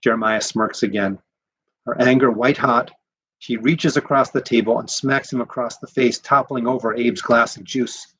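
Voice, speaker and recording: A rabbi reading a short story aloud in a measured, expressive way. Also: male voice, mid-range voice, husky, low-quality recording. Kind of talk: scripted narration of a short story.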